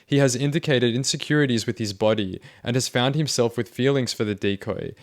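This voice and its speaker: A man narrating a scripted video commentary in a measured, analytical way. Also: mid-range voice.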